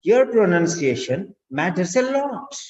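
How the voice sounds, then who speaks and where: Brief: slow, repetitive language teacher, lo-fi. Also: medium pitch, sing-song, a little mellow. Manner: slow, deliberate, repeats key words. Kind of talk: instructional lesson. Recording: dull lo-fi recording.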